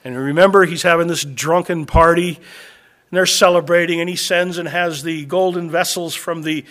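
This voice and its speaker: A man preaching a sermon that teaches through scripture, swinging between loud, emphatic lines and quiet, low asides, and slowing down to stress key phrases. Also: fairly even intonation.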